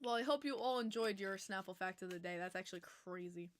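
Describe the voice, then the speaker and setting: A young woman hosting a casual hockey podcast livestream, chatty and full of "like", breaking into loud disbelief at times, on a desk mic at home. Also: mid-range voice, fast, a little hiss or hum. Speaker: podcast host. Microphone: desk mic, adjusting gain.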